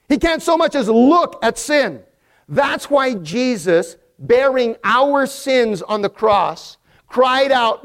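A man's voice: very high-pitched, lively intonation, takes it slowly. A male pastor preaching a sermon, building emphatic crescendos and calling for congregation responses.

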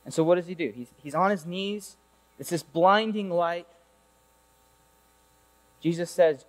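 A man preaching a lively, conversational sermon, telling a Bible story and throwing rhetorical questions at his listeners. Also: high-pitched, measured pace, pauses often, big-room sound.

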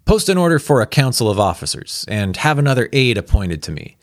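A man's voice: medium pitch, big pitch swings, a little fast, no room sound, clean studio sound, voice pushed up, natural voice. A man voicing an impatient army general who barks abrupt orders. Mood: barking.

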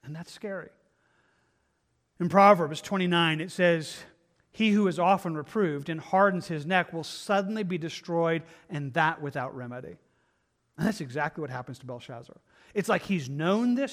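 A man with a fairly high voice preaches to his congregation in a church. He speaks earnestly and with emphasis, sometimes stumbling over repeated words as he drives his point home. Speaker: pastor. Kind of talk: sermon. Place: church sanctuary.

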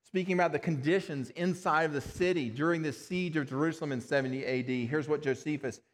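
A man's voice: a little high, quick pace. A man preaching a sermon in an earnest, plain-spoken way, sometimes stumbling over words and restarting them. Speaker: pastor. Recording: long reverb of a large hall.

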